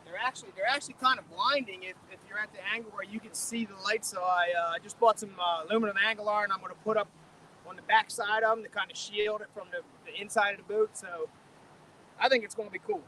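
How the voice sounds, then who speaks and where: A fast-talking man with a high, sharp voice and fairly even intonation hosts a live fishing stream outdoors from his boat on a river at dusk. Middle-aged or older with a Philadelphia accent, he's easygoing, chuckling as he greets chat viewers by name.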